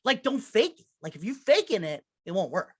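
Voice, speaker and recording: A woman's voice: medium pitch, sing-song, brisk, husky. A woman chatting loosely on a podcast, full of fillers and swearing. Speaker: podcast co-host. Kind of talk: casual chat.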